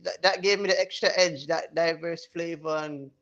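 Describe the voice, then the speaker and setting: A man's voice: a little high, steady tone, moderate pace, a bit bright, muffled recording. A young man from Jamaica, a guest in an interview, chatting in an outgoing way and often repeating words as he searches for them. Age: young adult. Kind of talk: casual interview talk.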